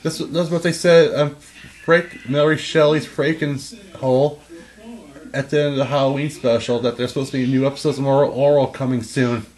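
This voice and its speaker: A young man chatting casually as a co-host, excitable, laughing often and breaking into high silly voices. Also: normal speed, rough recording. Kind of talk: casual chat.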